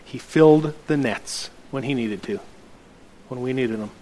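A man's voice: mid-range voice, measured pace, dark tone. A middle-aged man, a pastor telling a personal story from the pulpit in a sermon and acting out the dialogue.

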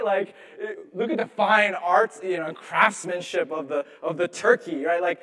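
A man's voice: high-pitched, moderate pace, hardly any pauses, sharp tone. A man in his thirties preaching a conversational sermon as pastor, casual and humorous, peppering his talk with "like". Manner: casual, humorous, heavy use of "like".

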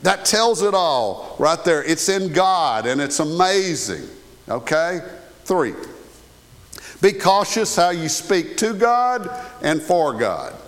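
A man preaching in a slightly higher-than-usual voice, talking to his congregation in an easy, conversational way. He checks in with them often. The sound carries a long reverb, as in a large church sanctuary. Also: very animated, takes it slowly. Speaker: pastor. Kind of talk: sermon.

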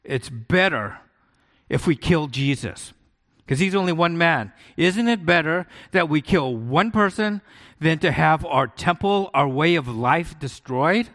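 A preacher voicing a scheming high priest. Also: male voice, expressive, measured pace, fairly bright tone. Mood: persuading. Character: scheming male high priest, blunt and dismissive.

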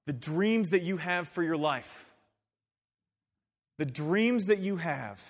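A man's voice: on the high side, animated, slow pace, pauses often, in a large hall. A man preaching a sermon to his church, emphatic with conversational asides. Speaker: pastor. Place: church sanctuary.

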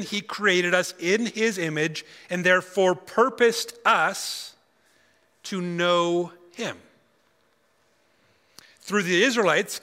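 A man giving a sermon as a guest speaker at a conference, reading scripture aloud with emphatic pauses. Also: high-pitched, bright, forceful tone, big-room sound. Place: conference hall.

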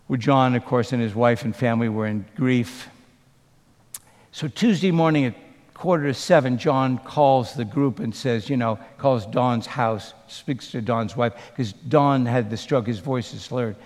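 A man preaching a sermon as pastor, telling a story slowly and earnestly, with quoted dialogue. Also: mid-range voice, a little mellow, big-room sound.

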